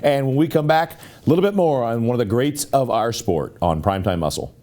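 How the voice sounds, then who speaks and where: A man hosting a talk show, telling stories casually with animated acted-out quotes. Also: medium pitch, a little fast. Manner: animated storyteller who acts out quotes. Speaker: show host.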